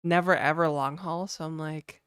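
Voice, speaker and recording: A woman's voice: sits low, fairly even intonation, normal speed, a bit bright, clean tone, no room sound, studio quality. A woman game developer streaming and chatting casually, laid-back and talkative, often laughing and saying "like" and "dude". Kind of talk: casual livestream chat.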